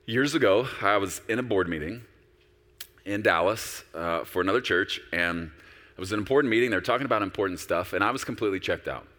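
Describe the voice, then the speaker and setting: A man pastor preaching a sermon on a stage, shifting from quiet storytelling to loud, urgent exhortation. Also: on the low side, quick pace, big-room sound. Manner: animated, swinging from soft storytelling to loud exhortation. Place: large church auditorium with stage.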